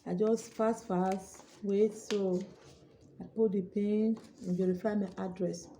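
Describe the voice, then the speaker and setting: A young adult woman YouTuber telling her viewers a story in a casual vlog, acting out her own excited shouts. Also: medium pitch, slow pace, a little hiss or hum.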